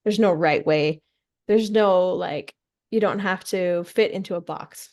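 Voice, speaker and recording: A woman's voice: lowish voice, measured pace, a little mellow. A woman co-hosting a podcast in casual chat, candid and self-deprecating. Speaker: co-host.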